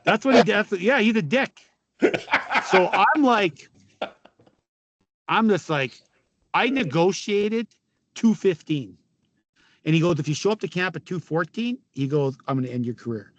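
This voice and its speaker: A raspy middle-aged man from Canada spins loud, laugh-filled stories as an interview guest. His voice sits high for a man and sounds dry and close. He swears freely. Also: a little slow, long pauses, dry recording, dull audio. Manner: laughing often, swearing, animated anecdotes. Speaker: guest, former hockey player. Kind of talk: casual storytelling interview.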